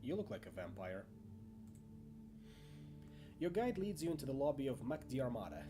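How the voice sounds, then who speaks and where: Animated man narrating a tabletop game. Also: medium pitch. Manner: chatty asides, stumbles over names. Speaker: game master. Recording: music playing under voice.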